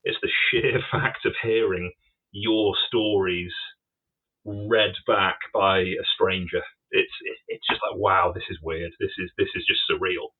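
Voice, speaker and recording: A man's voice: sits low, steady tone, a little slow, breathy edge. A man guesting as an author in a casual interview, thinking aloud and stumbling over repeated words. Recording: tinny phone-like line.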